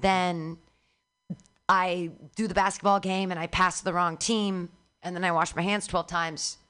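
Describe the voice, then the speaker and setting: A woman hosting a radio show who chats casually and rambles, with quick laughs. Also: on the low side, level tone, fairly bright tone, smooth. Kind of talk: casual chat and announcing.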